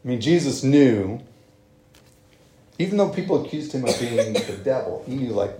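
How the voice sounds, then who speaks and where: A man preaching a sermon in a relaxed, conversational way, with frequent fillers and rhetorical asides. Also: mid-range voice, moderate pace, pauses often, echoey room. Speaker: pastor.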